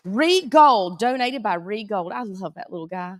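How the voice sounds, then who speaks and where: A woman with a Southern American accent announcing prize winners at a live event, teasing and animated. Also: medium pitch, moderate pace, dry recording, clean studio sound. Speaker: auction emcee.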